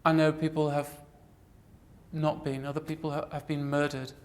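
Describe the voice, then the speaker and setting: A woman in her forties, an actress in an interview, speaking earnestly and reflectively with frequent halting restarts. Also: low voice, flat delivery. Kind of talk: personal interview storytelling.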